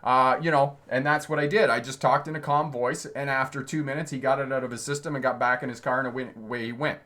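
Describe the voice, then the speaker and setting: A quick, pushed, bright delivery at medium pitch with a steady tone marks this driving instructor and channel host. During a relaxed livestream he recounts road stories, answers comments, and keeps breaking into laughter mid-sentence.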